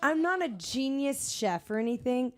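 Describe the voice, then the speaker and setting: A high, bright-toned woman laughs her way through stage banter at a small live venue. Her voice leaps all over the place as she spins funny stories into a stage microphone, animated and giggly. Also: moderate pace, music in the background. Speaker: singer performing live. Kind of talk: onstage banter between songs.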